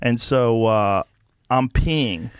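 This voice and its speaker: A man's voice: mid-range voice, drawn-out words, smooth. Man hosting a casual chat. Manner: curious, interjecting questions. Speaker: podcast host.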